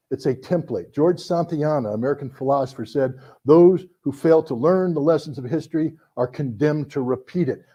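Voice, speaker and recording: A middle-aged man telling a story to an audience, animated, acting out the voices in his anecdotes. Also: on the high side. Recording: dull lo-fi recording.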